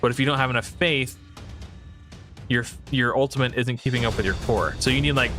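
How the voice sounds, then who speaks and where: A man talks through his thoughts on a game in a loose, rambling way, often stopping to restart a sentence or reach for a filler. His voice sits at an ordinary middle pitch. Soft music plays faintly underneath. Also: brisk. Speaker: gaming video creator. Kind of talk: casual thinking-aloud commentary.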